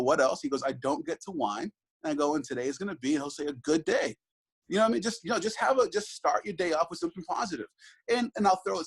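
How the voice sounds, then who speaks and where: A man's voice: mid-range voice, slightly rough, poor audio. A man in his thirties, a father, talking earnestly in an interview, reflective and full of restarts and asides. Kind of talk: conversational interview.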